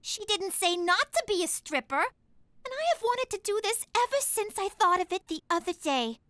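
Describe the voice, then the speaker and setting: A whiny spoiled teen daughter. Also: female voice, extremely high pitch, lively intonation, normal speed, fairly bright tone, no room sound. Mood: whining. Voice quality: whiny, bratty.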